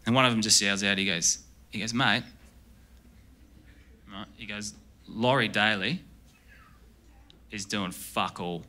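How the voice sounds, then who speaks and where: An Australian man doing a stand-up comedy set in a club, rambling and deadpan, often breaking off mid-sentence. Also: mid-range voice. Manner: rambling, deadpan, self-interrupting. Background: audience laughter.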